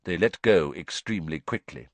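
A man reading an audiobook in scripted narration, telling the story in a steady, expressive way. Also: low voice, normal speed, dry recording.

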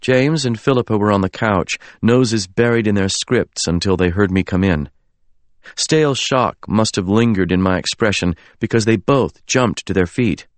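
A man narrating a novel in the first person, measured and earnest. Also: lowish voice, dry recording. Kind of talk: scripted audiobook narration.

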